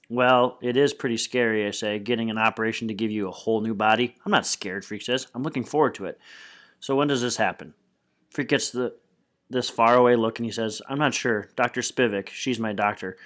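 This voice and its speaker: A man reading a novel aloud in a plain, unpolished way, with small slips and restarts. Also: mid-range voice. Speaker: reader.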